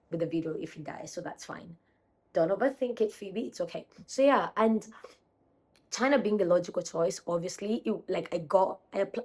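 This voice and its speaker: Chatty young Kenyan-raised woman vlogging. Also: lowish voice. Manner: chatty, self-correcting, talks to viewers. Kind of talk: casual rambling chat to camera. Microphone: phone camera.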